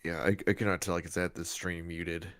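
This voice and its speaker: A man's voice: low voice, little pitch movement, a little fast, a bit bright, no room sound, clean studio sound. A man calling in to a live stream, chatting in a laid-back, joking way. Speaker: caller on a stream. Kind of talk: casual call-in chat.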